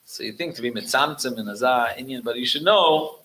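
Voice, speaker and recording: Guest rabbi, male, lively storyteller with a bright edge, restarts a lot, Yiddish and Hebrew words mixed in. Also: medium pitch, brisk, low-quality recording. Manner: frequent restarts and repeated words. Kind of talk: storytelling talk at a religious gathering.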